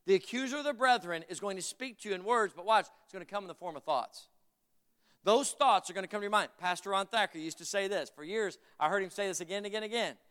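A man's voice: high voice, fast, fairly bright tone, clear, resonant tone. A male pastor preaching a fervent sermon, repeating phrases and calling for amens from the congregation. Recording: long reverb of a large hall.

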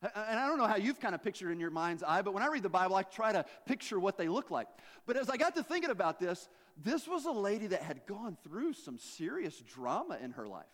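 A man's voice: big pitch swings, fairly quick, fairly bright tone. Folksy man preaching in an echoey hall. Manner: conversational, folksy storytelling, dropping low for emphasis. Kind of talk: sermon.

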